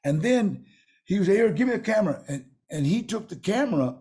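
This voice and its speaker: A man, a guest on an interview show, telling stories in a rambling, animated way with streetwise slang. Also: sits high, fairly quick, husky. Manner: rambling, animated storyteller with many restarts. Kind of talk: casual storytelling in an interview.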